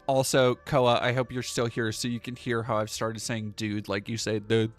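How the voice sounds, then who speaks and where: A man's voice: mid-range voice, steady tone, moderate pace, soft background music. A man streaming casually, rambling and swearing as he reads chat aloud.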